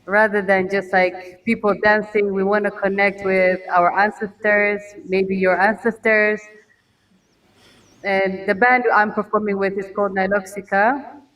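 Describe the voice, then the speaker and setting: Woman, guest musician on a remote call; loose, friendly talk, often laughing; mid pitch, distant sound. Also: flat delivery, unhurried. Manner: laughs often, chatty and warm. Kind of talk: casual remote interview. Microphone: video call. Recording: distant video call audio.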